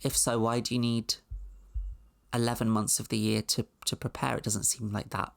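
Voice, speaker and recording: A woman's voice: a bass voice, little pitch movement, normal speed, creaky. A woman hosting a comedic video essay, commenting with dry, sarcastic asides. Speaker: host.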